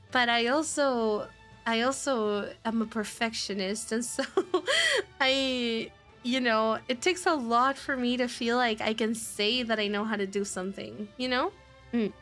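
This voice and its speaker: A woman's voice: a little high, unhurried, fairly bright tone, faint music behind. A woman who did not grow up speaking English, chatting shyly and giggling as she answers viewer questions on a live stream. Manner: giggly and shy, laughs often, many fillers.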